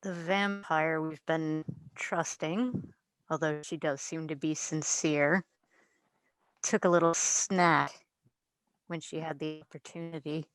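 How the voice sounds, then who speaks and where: Woman player, formal and deliberate in character; slow, dry close recording. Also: low-pitched, steady tone, smooth, dry recording, rough recording. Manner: formal, measured speech. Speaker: tabletop game player. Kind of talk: in-character tabletop play.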